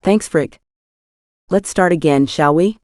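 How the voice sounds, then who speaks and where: Calm no-nonsense lady boss, voiced by the narrator, lowish tone, dry close mic. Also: takes it slowly, no room sound. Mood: firm. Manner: calm, firm and direct. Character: calm, firm female general manager. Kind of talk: audiobook character voice.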